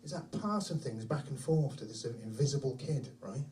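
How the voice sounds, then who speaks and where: A man's voice: mid-range voice, normal speed, slight background noise. A middle-aged man doing a brash, profane stand-up set, telling stories on a comedy club stage, heard from a distance. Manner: brash, profane, animated storytelling.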